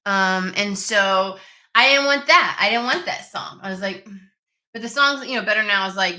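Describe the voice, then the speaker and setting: A woman's voice: medium pitch, moderate pace, pushed and bright. A woman hosting a spiritual reading channel, chatting casually and rambling with lots of swearing. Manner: profane, irritated, rambling. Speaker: tarot reader channel host. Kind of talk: casual chat to camera. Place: home room with desk and window. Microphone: camera mic.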